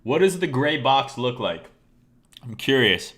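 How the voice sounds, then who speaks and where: A man's voice: mid-range voice, very animated, unhurried, a bit bright. A man on a live stream teaching chart trading. He talks casually, swears often and keeps quizzing the viewers. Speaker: trading educator.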